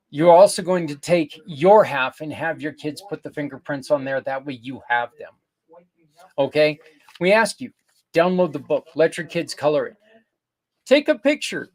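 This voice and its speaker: An older man hosting a podcast, earnestly pitching community partners in a rambling, casual way with many restarts. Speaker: podcast host. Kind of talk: casual promotional talk.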